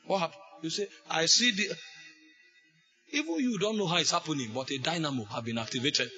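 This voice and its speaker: Man, preacher, fervent sermon, sharp bright voice, pitched a bit high, sudden shouts. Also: animated, brisk.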